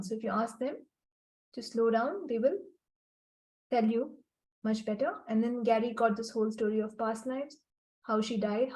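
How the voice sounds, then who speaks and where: A woman's voice: a little high, dark tone, low-quality recording. A middle-aged woman leading a group call as facilitator, teaching earnestly, repeating her points and acting out quoted lines. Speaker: facilitator of a healing book club call.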